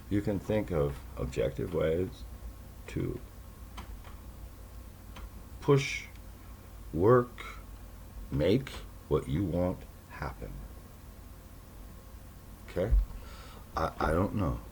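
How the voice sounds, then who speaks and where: A man's voice: sits low, very animated, very slow, vocal fry, long pauses, darkish tone, a little hiss or hum. A man hosting a casual monologue for his listeners, talking in a sarcastic, rambling way with mocking asides. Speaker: podcast host.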